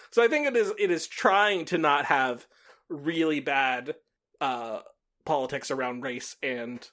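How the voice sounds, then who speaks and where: A man's voice: a little high, a little slow, a bit bright. A man co-hosting a podcast in casual chat, swearing freely, laughing often and acting out what other people say. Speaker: podcast co-host.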